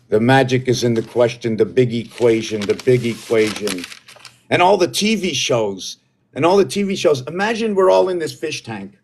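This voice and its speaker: A man hosting a live stream alone, talking in a meandering, excitable way and often losing his own thread. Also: medium pitch. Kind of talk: rambling solo livestream talk.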